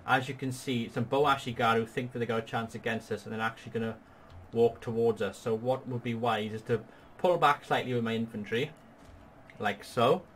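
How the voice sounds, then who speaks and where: A man guides a partner through a strategy game battle, explaining each move in a patient, upbeat tone. His pitch sits in a middle range for a man. A faint hiss runs underneath his voice. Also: fairly even intonation, brisk, fairly bright tone. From Wales. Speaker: gaming channel host. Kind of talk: strategy game tutorial commentary.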